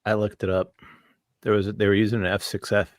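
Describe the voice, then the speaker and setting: A man with a very deep voice reports what he found in a flat, matter-of-fact way. The sound is dry, a little away from the mic. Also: fairly quick, dry recording. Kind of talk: casual chat.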